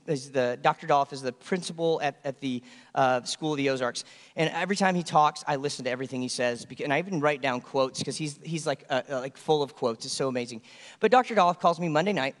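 Male pastor preaching, high voice, does little voices for his stories, long echo from the hall. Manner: animated storytelling, acts out voices of kids and friends. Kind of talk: sermon.

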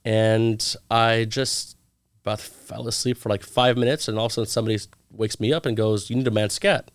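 A man in his thirties appears as a guest in a casual interview, telling lively stories and performing the lines of the people in them. His voice is fairly low and smooth, his pace brisk, and there's no echo.

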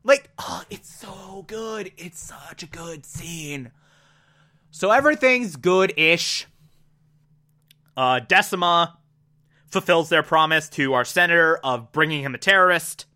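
A speaker recapping a TV episode in a casual, gushing way, breaking into excited outbursts. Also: medium pitch, slow.

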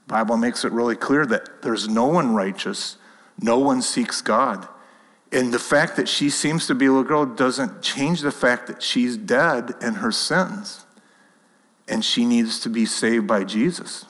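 A man's voice: mid-range voice, measured pace, a bit bright. A man preaching a sermon to a congregation, earnest and conversational, often restarting his sentences. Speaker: pastor. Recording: long hall reverb.

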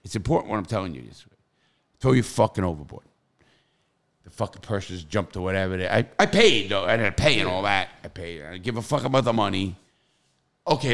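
A middle-aged man telling profane, animated stories in casual podcast chat, with loud bursts. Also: mid-range voice, gravelly.

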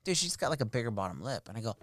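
A man's voice: medium pitch, very animated, racing, very noisy. A man hosting a podcast, telling a story in casual chat, swearing and laughing as he goes. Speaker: podcast host.

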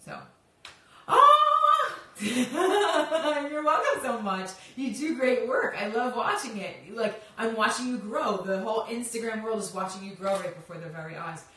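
A woman's voice: medium pitch, fairly quick, few pauses, fairly bright tone, distant mic. A woman hosting a casual live-stream chat as a drag coach, bubbly and sing-song, greeting her viewers by name. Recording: echoey room, voice off-mic.

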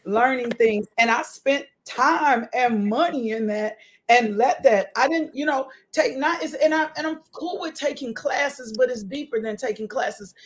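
A woman's voice: sits high, unhurried. A woman hosting a faith conversation, talking emphatically and repeating phrases like a preacher. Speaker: host and ministry leader. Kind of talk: casual faith podcast conversation.

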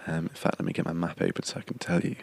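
Low gravelly man with a cough. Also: little pitch movement, very fast, a little mellow, no room sound. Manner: rambling, self-correcting, chatty. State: slight cough. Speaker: podcast host and singer-songwriter. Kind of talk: casual chatty monologue.

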